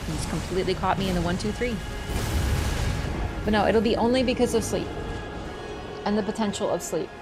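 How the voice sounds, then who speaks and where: A woman's voice: mid-range voice, brisk, pauses often. A woman streamer chatting casually and ranting as she plays, swearing freely. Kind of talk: casual gameplay commentary. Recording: game music playing under the voice.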